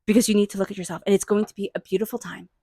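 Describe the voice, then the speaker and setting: A woman giving a tarot reading, murmuring invocations to angels and spirit guides and offering warm, excited encouragement. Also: mid-range voice, rapid-fire, breathy edge, dry recording. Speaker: tarot reader. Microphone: own microphone.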